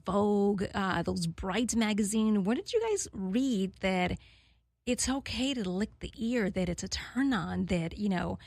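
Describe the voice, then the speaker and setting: A woman's voice: medium pitch, measured pace, gravelly, a little mellow, no echo, studio quality. A woman in her forties hosting a radio talk show, chatting candidly and rambling with many fillers and frequent laughter. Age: 40s. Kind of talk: casual chat to listeners.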